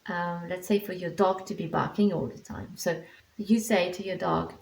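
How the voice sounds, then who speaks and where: Calm, reassuring female instructor with a gravelly edge, recorded in a roomy space. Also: fairly low pitch, moderate pace. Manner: calm, reassuring, explanatory, frequent restarts. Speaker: animal communication teacher. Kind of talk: instructional vlog. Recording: echoey room.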